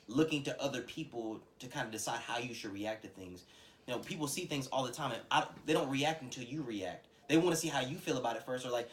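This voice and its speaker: A man co-hosting a casual podcast chat, telling stories animatedly and acting out what people say. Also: mid-range voice. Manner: animated storyteller acting out quoted voices. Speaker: podcast co-host.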